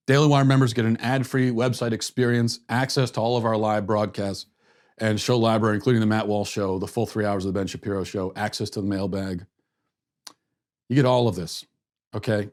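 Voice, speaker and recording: A man's voice: on the low side, steady tone, brisk, darkish tone. A man hosting a political commentary podcast, talking in a sarcastic, mocking way with frequent restarts and repeated words. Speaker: host.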